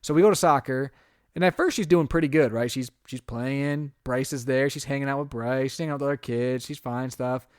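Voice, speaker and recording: A man's voice: mid-range voice, a little fast, smooth, dry recording, studio quality. A man co-hosting a podcast, telling a long story in casual chat and acting out his own reactions. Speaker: podcast co-host.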